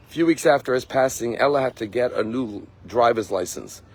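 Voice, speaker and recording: A man, a rabbi, giving a sermon and telling a story, earnest, slowing down and lifting his voice to stress key words. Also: mid-range voice. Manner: earnest, slows and rises for emphasis.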